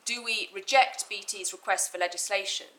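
A woman barrister making a formal legal argument to judges in a courtroom, measured and precise, stressing key words. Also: medium pitch, sharp tone, low-quality recording.

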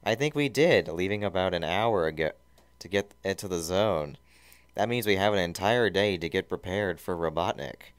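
A man's voice: sits low, lively intonation, normal speed, smooth, no echo. A man voicing an earnest young princess who leads freedom fighters, in a fan story reading.

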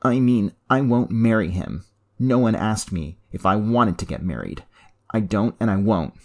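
A man's voice: low-pitched, lively intonation, normal speed, creaky, a little mellow, breathy edge, pitched above the performer's own voice, heavily acted. A man voicing a spirited, defiant teenage girl in a storybook reading, speaking insistently.

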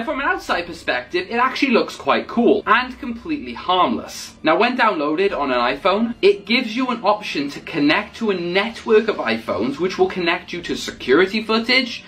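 A narrator delivering a short warning video in an animated, urgent way. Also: medium pitch.

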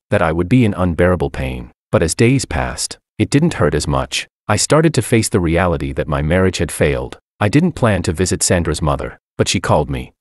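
Deep-voiced man narrating a story. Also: no room sound, studio quality. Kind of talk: first-person story narration.

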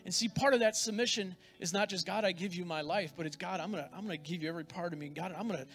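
A middle-aged man preaching with fervent, repetitive insistence, his voice sitting high for a man. A faint guitar plays beneath his prayer and exhortation. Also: racing, fairly bright tone. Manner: fervent, repeats phrases for emphasis. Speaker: pastor. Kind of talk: sermon with prayer.

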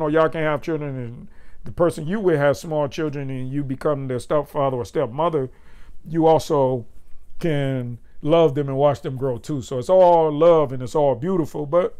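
A man hosting his own vlog, talking casually with loose, profane asides and laughing often. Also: clean tone. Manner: loose, profane and laughing, breaks into loud high cackles; slow, careful recitation when reading the poem. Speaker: vlog host. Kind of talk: casual vlog commentary with a slow read-aloud.

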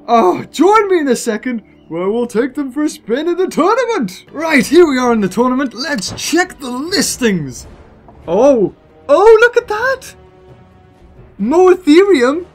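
A British man giving excitable gameplay commentary as a gaming video host, gushing and laughing between lines. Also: very high-pitched.

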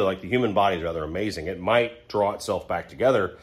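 A man's voice: low-pitched, fast talker, hardly any pauses, slightly rough. A middle-aged man casually telling a rambling, self-mocking story about a motorcycle crash, perking up when he quotes other people. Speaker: motorcycle vlogger.

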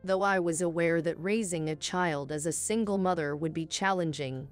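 A woman narrating a scripted first-person story in a calm, cool, measured manner. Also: lowish voice. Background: faint music.

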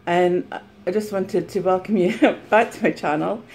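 A woman chatting casually to camera as a vlogger, soft-spoken and giggly, recorded on a mobile phone. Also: on the low side, unhurried, a little hiss or hum.

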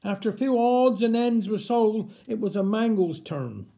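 A man reading a comic dialect story aloud in an unhurried, wry storytelling manner. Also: sits high, lively intonation, gravelly, mellow.

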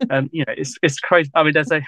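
A man's voice: a little high, level tone, quick pace, bright, forceful tone, no room sound. A man, a guest historian in a casual podcast interview, talking in a loose, rambling way full of fillers and frequent laughs.

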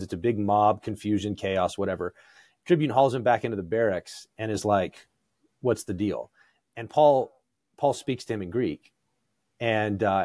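Animated man discussing theology, dry sound. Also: on the low side, dry recording. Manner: animated, acts out quoted voices, frequent restarts. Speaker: podcast guest.

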